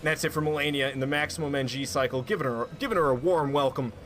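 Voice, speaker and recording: A man's voice: a little high, fast. A man giving play-by-play commentary on a boss fight in a video game. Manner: calm play-by-play, perking up at big moments. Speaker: gameplay commentator. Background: game music.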